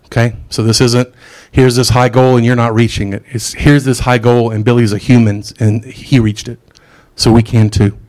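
A man's voice: mid-range voice, a little mellow. A middle-aged man preaching a sermon in a casual, conversational way, with asides and jokes.

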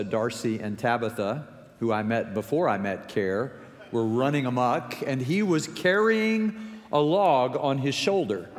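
A man preaching a sermon as pastor, telling stories slowly and deliberately with emphatic rises. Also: mid-range voice. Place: large church sanctuary. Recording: long reverb of a large sanctuary.

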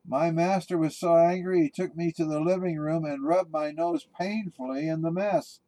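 An earnest, loyal male German shepherd, played by a man with a plain, sincere way of speaking. The tone is warm and mellow, a little high. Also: fairly even intonation, normal speed, no room sound, lightly acted, rough recording. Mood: ashamed.

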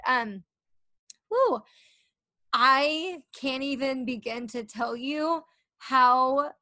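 A woman's voice: a little high, bright, forceful tone, no room sound. A young woman hosting her own podcast, talking earnestly and encouragingly to her listeners. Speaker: podcast host. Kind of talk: solo podcast talk.

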